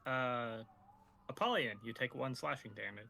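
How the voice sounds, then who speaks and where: A man narrating as dungeon master in a tabletop game, pausing with fillers as he describes the scene. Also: mid-range voice, creaky, sharp tone.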